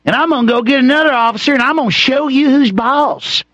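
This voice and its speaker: A man mimicking an arrogant, domineering police officer who shouts and sneers. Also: very high voice, quick pace, dry recording, highs cut off, pitched above the performer's own voice. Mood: sneering.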